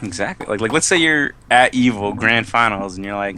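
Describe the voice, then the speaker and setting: A man's voice: lowish voice, expressive, brisk, few pauses, background noise. A man co-hosting a casual gaming podcast, talking emphatically and acting out quoted lines. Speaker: podcast co-host. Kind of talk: casual chat.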